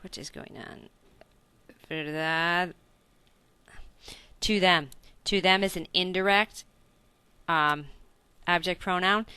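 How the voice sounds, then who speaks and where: A woman's voice: fairly low pitch, slow, pauses often, bright, forceful tone, clear, resonant tone, dry recording. A woman teaching a recorded Spanish grammar lesson in English, explaining step by step, checking in with questions and correcting her own slips.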